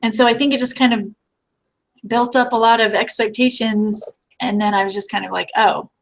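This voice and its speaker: A woman co-hosting a casual book chat, relaxed and trailing off mid-thought. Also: a little high, brisk, a little hiss or hum, poor audio.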